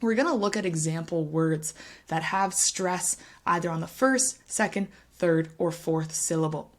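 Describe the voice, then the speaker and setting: A woman teaching English pronunciation to camera, speaking clearly and patiently and tapping out rhythms to demonstrate. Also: lowish voice, unhurried. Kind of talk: explaining a language lesson to camera.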